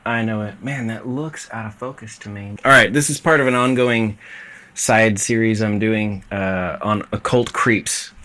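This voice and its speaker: Man, host, casual monologue, rambling, self-deprecating, tired, somewhat low pitch. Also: unhurried, pushed and bright, a little hiss or hum.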